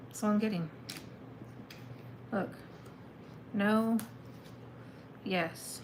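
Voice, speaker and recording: A woman's voice: mid-range voice, unhurried, long pauses, slight background noise, poor audio. Chatty woman doing a tarot reading. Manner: chatty, thinks aloud, exclaims at the cards. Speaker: tarot reader. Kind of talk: casual live tarot reading.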